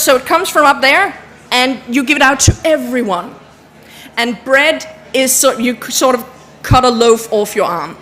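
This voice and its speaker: Slow, deliberate woman. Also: on the high side, a bit bright. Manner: slow, deliberate, with many fillers. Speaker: panel speaker teaching sign language. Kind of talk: live talk teaching a prayer in signs. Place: outdoor public event.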